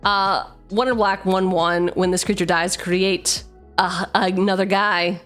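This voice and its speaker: A young woman hosts a casual card-opening stream, playful and chatty as she reads card text aloud and banters with chat. Her pitch sits mid-range for a woman, with faint music underneath. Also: fairly even intonation, a little slow, fairly bright tone.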